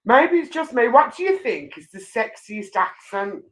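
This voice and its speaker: A woman's voice: fairly high pitch, big pitch swings, normal speed, background noise. Giggly woman hosting a chat show. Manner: giggly, teasing banter. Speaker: host. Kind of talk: casual chat reading viewer comments on a live show.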